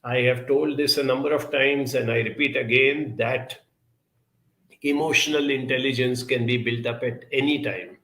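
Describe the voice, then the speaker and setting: Guy with a gravelly, bright voice, talking slow and emphatic, kinda echoey room. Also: medium pitch, fairly even intonation. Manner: measured, emphatic, frequent uh fillers. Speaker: speaker answering audience questions. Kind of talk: live talk on emotional intelligence.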